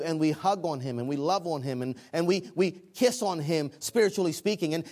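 A man preaching a sermon, swinging between loud exclamations and hushed, quiet lines. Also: a little high. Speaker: pastor.

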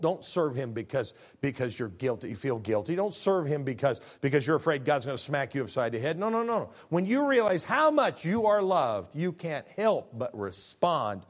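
A man preaching a sermon with earnest fervor, repeating words as he builds a point and swinging between quiet and loud passages. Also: medium pitch. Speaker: pastor.

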